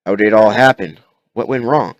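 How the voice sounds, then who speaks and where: A man voicing a frightened grown man who wakes into disaster, yelping and shouting in panic. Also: fairly low pitch, a little fast, dry recording, muffled recording, close to an everyday voice. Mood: confused.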